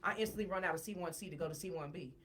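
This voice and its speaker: A woman guest on a podcast, telling a personal story in a casual, animated way and repeating words when she gets worked up. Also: on the low side, very fast, a little hiss or hum.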